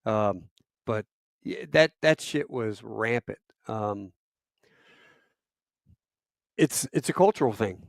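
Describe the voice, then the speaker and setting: A man in his fifties, a retired Marine officer guesting on a podcast, telling war stories in a lively, profane, casual way. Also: on the low side, slow, gravelly, pauses often, no echo, studio quality. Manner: animated, profane storyteller.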